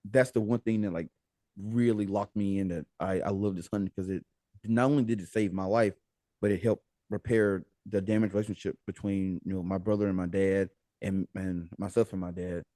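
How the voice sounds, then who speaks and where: An American man as a podcast guest, telling a story in a casual, animated way, laughing and acting out the dialogue. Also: deep voice, normal speed, no echo.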